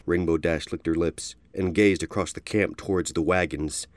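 A man giving an expressive storybook narration. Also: sits low, moderate pace, no room sound, studio quality.

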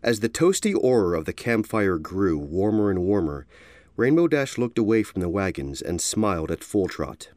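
A man reading a storybook aloud in a low voice. His pitch moves around a lot as he reads expressively. The sound is dry and close. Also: expressive, normal speed, darkish tone, dry recording. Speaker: narrator. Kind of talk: storybook narration.

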